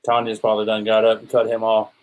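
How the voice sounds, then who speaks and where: A man's voice: fairly low pitch, completely flat delivery, fast talker, a little mellow. A male co-host on a live stream, giving brief updates and agreeable asides. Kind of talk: casual live-stream chat.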